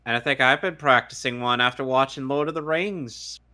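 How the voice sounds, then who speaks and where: A man co-hosting a casual movie podcast, speaking haltingly and prompting the others with questions. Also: medium pitch, pushed and bright. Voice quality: halting, asks his co-hosts questions. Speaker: podcast co-host.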